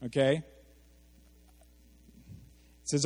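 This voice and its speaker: Animated preaching man in a hall. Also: mid-range voice, measured pace. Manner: animated, asks the audience questions, acts out quotes. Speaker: pastor. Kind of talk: sermon. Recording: hall reverb.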